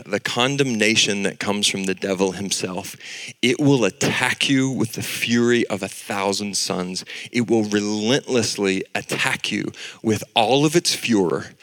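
Animated storytelling male pastor. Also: mid-range voice. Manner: animated storytelling, acting out voices. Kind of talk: sermon with a personal story.

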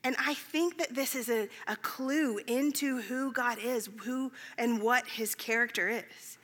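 A woman preaching a sermon, telling stories in a conversational, animated way with filler words. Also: fairly high pitch, a little slow. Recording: long hall reverb.

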